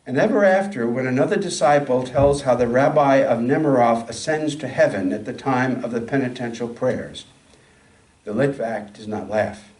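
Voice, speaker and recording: A man at a mid pitch tells a story slowly and steadily during a sermon. His voice echoes through a large room and sounds distant from the microphone. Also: a little mellow. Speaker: speaker. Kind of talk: sermon with a read-aloud story.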